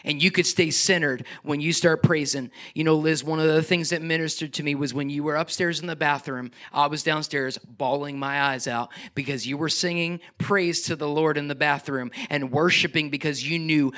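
A man preaching to his congregation in a lively, animated style. His voice sits high and bright. He surges into loud exhortation, then drops low for personal, confiding asides. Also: moderate pace, few pauses. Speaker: pastor. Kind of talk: sermon.

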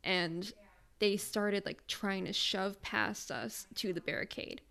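A woman's voice: mid-range voice, fairly even intonation, takes it slowly, gravelly, fairly bright tone, clear, resonant tone. A young woman in her twenties, co-hosting a podcast and telling a story in casual, profane chat. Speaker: podcast co-host.

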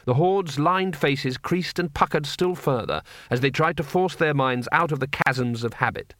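A man narrating a comic novel as an audiobook, in a wry, expressive storytelling manner. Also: medium pitch, moderate pace, no room sound, studio quality.

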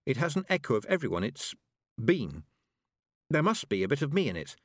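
A man's voice: medium pitch, very animated, brisk, no echo, studio quality, pitched above the performer's own voice. A man reading an audiobook voices a thoughtful eleven-year-old witch girl who speaks earnestly and gropes for her words.

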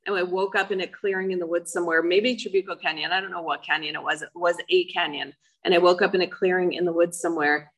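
Low-voiced middle-aged woman telling her story. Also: steady tone, fast, fairly bright tone, rough recording. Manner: earnest, emotional storytelling with fillers. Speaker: speaker sharing her life story. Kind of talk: personal testimony talk.

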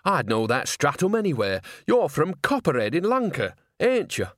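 Brief: cheerful, cunning old witch woman, put on by a male narrator, high and chatty. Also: huge pitch swings, normal speed, dry recording, studio quality. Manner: chatty, bright, coaxing.

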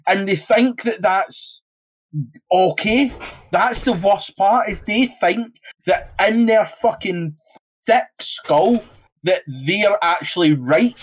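Young Scottish man, high voice, profane heated podcast rant. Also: slow pace, poor audio. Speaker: podcast co-host.

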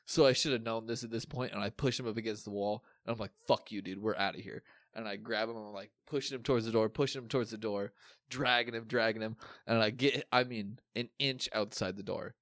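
Animated man telling a story, dry sound. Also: lowish voice, fast, no room sound. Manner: animated, swearing, acts out quotes. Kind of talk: casual storytelling chat.

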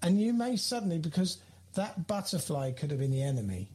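A man's voice: fairly high pitch, sing-song, a little fast, darkish tone, breathy edge. A man, a ministry leader guest, talking in an encouraging way with stammering restarts. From United Kingdom. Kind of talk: casual ministry conversation.

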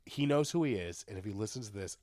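A man's voice: fairly low pitch, lively intonation, fast, a little mellow, no echo. Dry-sounding young man joking around. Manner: joking, profane, rambling. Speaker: podcast co-host. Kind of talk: casual chat.

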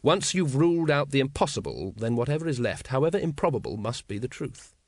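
A man voicing a weary, dogged male watch captain with flat, wooden official replies in an audiobook. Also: mid-range voice, fairly quick, dry recording, clean studio sound. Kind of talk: audiobook character voice.

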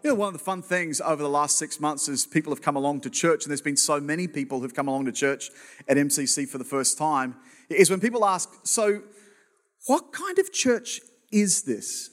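Man, pastor, conversational sermon, high pitch, hall reverb. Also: quick pace, a bit bright, soft background music. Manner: conversational, repeats words when restarting, joking asides. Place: church auditorium. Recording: long reverb of a church hall.

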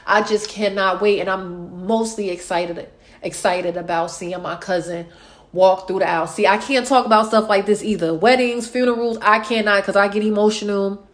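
A woman's voice: mid-range voice, fairly even intonation, moderate pace. A woman in her late thirties chatting casually to her followers, emotional and sighing often between thoughts. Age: 30s. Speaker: vlogger.

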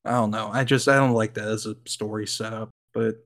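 A man's voice: fairly low pitch, fairly even intonation, a little fast. Rambling man chatting on a podcast. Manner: rambling, lots of likes and ums, laughs often. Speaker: podcast co-host. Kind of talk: casual chat.

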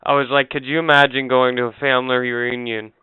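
A man's voice: mid-range voice, flat delivery, fairly quick, smooth, dry recording. A man co-hosting a casual podcast chat, chiming in with wry, joking asides. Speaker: podcast co-host. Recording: tinny phone-like sound, dry.

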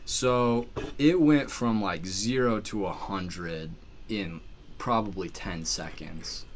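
A man's voice: lowish voice, takes it slowly. A man telling a story in casual chat, full of "like"s and restarts. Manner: animated, filler-heavy storytelling with many "like"s. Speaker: podcast guest telling a story.

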